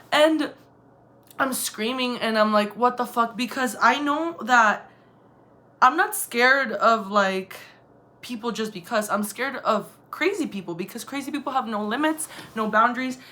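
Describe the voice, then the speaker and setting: A bright, high-voiced young woman, telling a story in a casual vlog. She talks in an animated, dramatic way, swears freely, and acts out the tense parts. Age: young adult. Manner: animated, profane, dramatic retelling. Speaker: vlogger.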